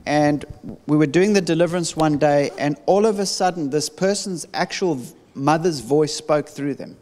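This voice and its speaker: Man teaching with animated stories. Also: a little high, moderate pace, long reverb tail. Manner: animated storytelling with many restarts. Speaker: deliverance minister. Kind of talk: conversational teaching.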